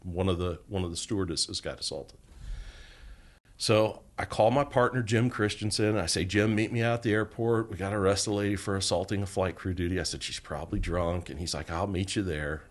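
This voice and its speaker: Man telling a story, low voice. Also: a little fast. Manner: animated storyteller acting out quoted dialogue. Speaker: podcast guest, former federal agent. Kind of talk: storytelling in a podcast interview.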